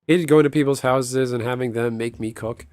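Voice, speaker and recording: A man's voice: medium pitch, fairly even intonation, normal speed, a little mellow, clean tone, no room sound, clean studio sound. A man streaming a game and chatting casually, rambling, swearing freely and laughing often. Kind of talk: casual chat while gaming.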